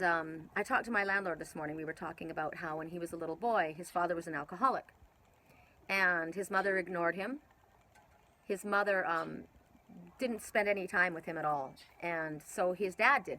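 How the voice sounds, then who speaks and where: A woman's voice: lowish voice, fairly bright tone, a little hiss or hum, rough recording. A woman doing a casual oracle card reading outdoors, rambling through personal stories with many fillers. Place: outdoors with birds nearby.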